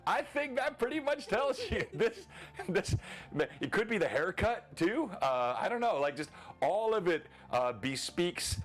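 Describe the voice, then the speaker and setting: A man's voice: high voice, very animated, unhurried. A man hosting a live tabletop lore stream, chatting casually with many filler words and easy laughs.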